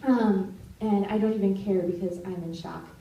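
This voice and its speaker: A young woman in her twenties telling a personal story at a live storytelling event, animated and now and then shouting out quoted lines. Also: mid-range voice, normal speed, muffled recording. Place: stage in a live venue. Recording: roomy live recording from far off.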